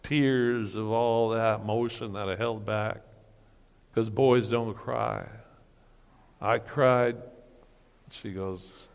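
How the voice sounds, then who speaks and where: A middle-aged man giving an earnest personal testimony as a guest speaker, telling his story slowly. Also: on the low side, steady tone, creaky, clean tone, big-room sound. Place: church hall breakfast gathering.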